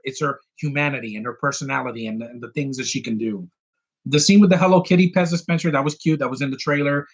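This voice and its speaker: A man hosting a casual solo film podcast, rambling excitedly with many restarts and quick bits of mimicry. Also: on the high side. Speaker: podcast host reviewing a film.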